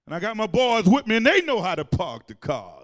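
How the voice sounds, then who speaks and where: A male pastor preaching a sermon, calling out to the congregation and breaking into shouted and sung phrases. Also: sits high, wildly swooping pitch, a little fast, long reverb tail. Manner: call-and-response preaching, shouting and singing phrases. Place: church sanctuary.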